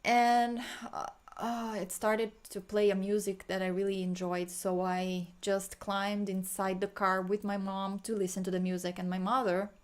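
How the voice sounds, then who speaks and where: A woman guiding a healing meditation, talking slowly and softly with sighs, sometimes chanting in an invented language. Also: mid-range voice. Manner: slow, soft, sighing, breaks into chanted light language. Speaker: spiritual healer.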